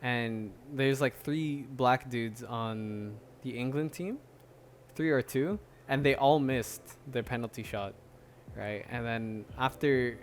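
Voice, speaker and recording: A man's voice: medium pitch, slow, a little hiss or hum. A man hosting a solo podcast, chatting casually in a rambling way with lots of fillers. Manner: rambling, many fillers and restarts, laughs often. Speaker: podcast host.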